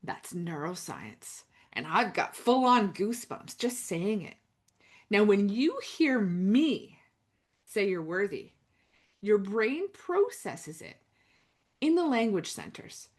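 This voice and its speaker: A woman coaching listeners through spoken affirmations, slow and intimate, with dramatic pauses and drops to a near whisper. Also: medium pitch, sing-song. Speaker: self-help coach. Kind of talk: guided affirmation talk.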